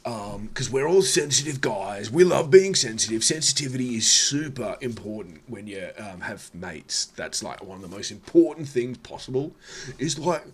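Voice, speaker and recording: A man's voice: lively intonation, moderate pace, slightly rough. A man with an Australian accent voicing an overeager, sensitive Australian bloke in a mocking tone. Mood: mocking gush. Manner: mocking, overeager, high-pitched. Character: gushing sensitive adult Aussie bloke.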